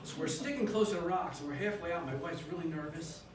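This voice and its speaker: A man in his sixties telling a self-deprecating story live at a story slam, in a relaxed conversational way. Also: fairly high pitch, quick pace. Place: live event hall with audience. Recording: echoey hall, distant mic, noisy.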